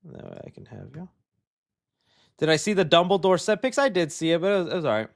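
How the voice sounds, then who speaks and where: A young man hosts a casual live show, talking in a somewhat high voice. He reacts loudly and excitedly to what he reads. His talk is loose and friendly, full of "dude.". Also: fast, gravelly. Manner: excitable, loud reactions, says "dude" a lot. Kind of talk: casual livestream chat.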